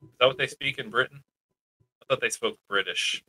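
A man co-hosting a podcast, chatting casually with playful, deadpan jokes. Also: medium pitch, brisk, rough recording. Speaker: podcast co-host. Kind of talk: casual chat.

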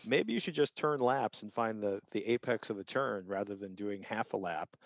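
A man's voice: fairly low pitch, moderate pace, no echo. A man co-hosting a podcast in casual chat, talking in a rambling, self-interrupting way with chuckles. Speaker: co-host.

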